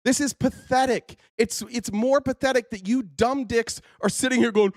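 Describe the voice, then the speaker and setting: A man hosting a profane political rant, sarcastic and mocking, who keeps jumping into squeaky mock voices. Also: moderate pace, few pauses, no room sound, clean studio sound. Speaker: political commentary host.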